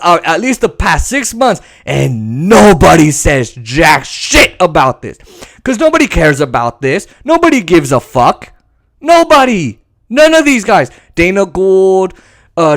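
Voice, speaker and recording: A man hosting a podcast, delivering sarcastic, profane political rant commentary. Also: high voice. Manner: sarcastic, profane, animated ranting. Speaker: podcast host.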